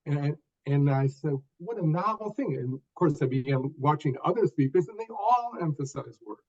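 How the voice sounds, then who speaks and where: An older man tells his story as a podcast guest, speaking in short deliberate phrases and leaning on key words. His voice sits a little high for a man. The audio is dull and lo-fi, as if from a video call. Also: a little mellow. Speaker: guest author.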